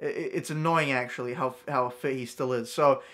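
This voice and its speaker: A man's voice: mid-range voice, steady tone, fairly quick, fairly bright tone. A young man vlogging a true story at home, rambling with lots of fillers and restarts. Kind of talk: storytime vlog.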